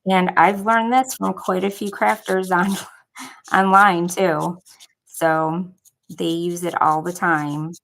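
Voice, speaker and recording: A young craft vlogger from Buffalo, New York, with a Buffalo accent, chats casually and rambles through a crafting tutorial, dropping lots of filler "likes." Her voice is fairly low, gravelly and fairly bright, with little pitch movement and a slow pace. The recording quality is low.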